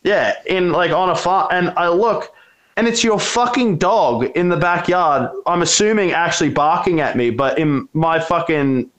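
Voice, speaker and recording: A man recounting a chaotic story in a relaxed chat. He swears nonstop and slips into other voices as he acts out scenes. His voice sits a little high. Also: moderate pace. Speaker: storyteller guest.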